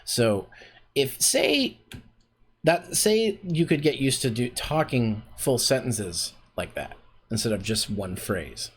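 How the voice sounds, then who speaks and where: Male streamer-host, expressive pitch, rambling delivery with fillers, faint background hiss. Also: slow pace. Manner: rambling, filler-heavy, restarts often. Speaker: voice acting workshop host. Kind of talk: casual teaching on stream. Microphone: desk streaming mic.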